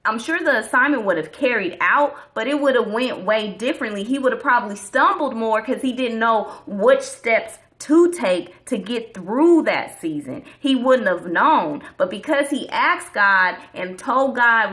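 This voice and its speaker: A woman's voice: a little high, animated, a little slow, a bit bright. A woman vlogger giving a casual faith talk in a chatty, slangy, preachy way.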